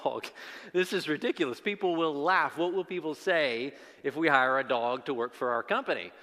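A man's voice: a little high, moderate pace, bright, forceful tone, long reverb tail. A man playing a flustered male office manager who keeps protesting and stammering, in a joke told during a sermon.

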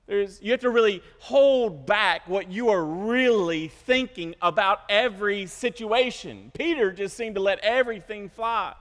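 High-voiced pastor preaching in a hall. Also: male voice, a little slow, few pauses. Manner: animated storytelling, self-interrupting, joking asides. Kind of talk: sermon. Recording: long hall reverb.

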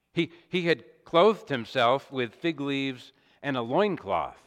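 Slow, deliberate male preacher in a reverberant hall. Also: mid-range voice, big pitch swings, a bit bright. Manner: measured, deliberate, with emphatic rises and restarts. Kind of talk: expository sermon.

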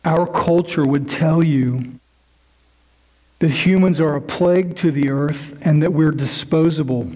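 A man's voice: fairly high pitch, measured pace, warm tone, rough recording. A man preaching a sermon in an earnest, emphatic way, building points through lists and repetition. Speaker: pastor.

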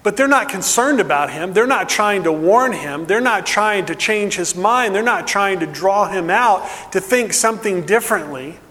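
A male pastor preaching a sermon earnestly, dropping to a hush and then building with emphasis. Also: high voice, expressive, moderate pace, few pauses, big-room sound.

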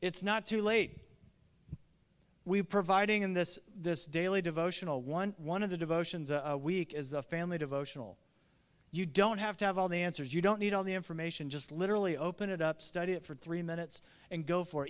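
A man's voice: high-pitched, a little fast, smooth. Midwestern male pastor, confessional storyteller, resonant tone, church reverb. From American Midwest. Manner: earnest, confessional, animated storytelling. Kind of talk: sermon.

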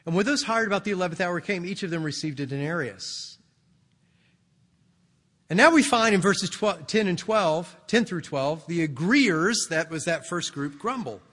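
A man preaches in a conversational, explaining manner, his voice sitting high with a bright, forward tone. Long reverb from a large church sanctuary hangs after each phrase. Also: expressive, moderate pace. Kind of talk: expository sermon.

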